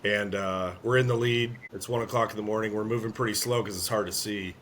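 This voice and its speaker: A man, an army veteran, telling a war story in an interview, earnest and halting, often clearing his throat. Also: on the low side, fairly even intonation, fairly bright tone, slight background noise.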